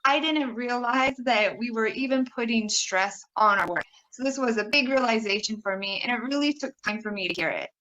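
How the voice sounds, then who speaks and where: A woman's voice: fairly high pitch, expressive, fairly quick, hardly any pauses, sharp tone, low-quality recording. A young adult woman giving a conference workshop presentation, upbeat and demonstrating word sounds by exaggerating them.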